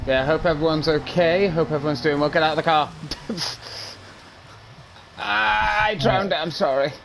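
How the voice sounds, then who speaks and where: A man's voice: fairly high pitch, normal speed, vocal fry, a bit bright, a little hiss or hum, rough recording. A British man co-hosting a casual gaming podcast, swearing and laughing as he plays and chats. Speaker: podcast co-host.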